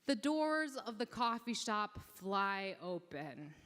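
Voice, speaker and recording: Slow, dramatic woman poet in her forties. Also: mid-range voice, big pitch swings, a bit bright. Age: 40s. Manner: deliberate, dramatic storytelling. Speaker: spoken word performer. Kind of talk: spoken word poetry performance. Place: awards event stage. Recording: long hall reverb on stage.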